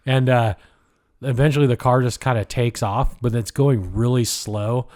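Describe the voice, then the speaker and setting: Swearing plenty and whispering any lines he quotes, this young adult podcast co-host with a Pacific Northwest American accent tells a rambling story in a casual chat. He speaks at a measured pace, with a medium-pitched, slightly mellow voice and fairly even intonation.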